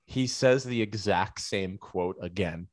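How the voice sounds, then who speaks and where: Low-ish guy on a podcast, rambles with lots of ums, dry close sound. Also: slow pace, no echo. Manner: rambling storyteller with many fillers, laughs while telling. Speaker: podcast co-host. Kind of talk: casual chat.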